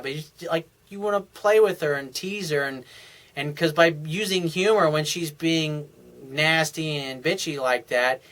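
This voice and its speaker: A man's voice: a little high, a bit bright. A man talking as a dating coach, giving casual advice in a blunt, frank and profane way, often restarting his sentences.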